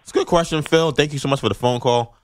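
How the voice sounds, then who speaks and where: A man filling in as a sports talk radio host, breaking down the league in a lively, joking way. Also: mid-range voice, quick pace, noisy background. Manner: animated, mocking, laughs often.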